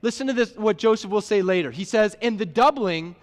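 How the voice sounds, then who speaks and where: High-voiced man preaching in a reverberant church. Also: lively intonation, brisk. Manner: conversational, asks the listeners questions, restarts words. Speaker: pastor. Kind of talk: sermon. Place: church sanctuary. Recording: long hall reverb.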